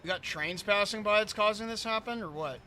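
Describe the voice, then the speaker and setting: Hoarse high-voiced man ranting over gameplay. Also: fairly quick, bright, forceful tone, slight background noise. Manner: ranting, reads chat aloud. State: hoarse, losing his voice. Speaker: gaming streamer. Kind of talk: casual let's-play commentary.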